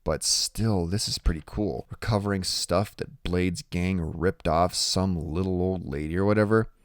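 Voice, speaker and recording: A man's voice: deep voice, unhurried, no echo, clean studio sound. A man narrating an audiobook in the first person, in a plain, conversational storytelling manner.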